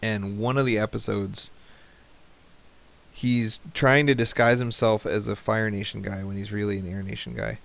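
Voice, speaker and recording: A man's voice: on the low side, fairly even intonation, normal speed, vocal fry, fairly bright tone. A man in his thirties hosting a let's play, chatting casually and joking at the game as he plays. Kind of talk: casual gameplay commentary.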